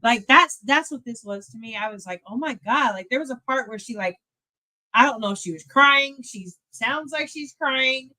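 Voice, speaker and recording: A woman streamer giving casual reaction commentary on a clip, animated, laughing and talking back to it. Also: a little high, moderate pace.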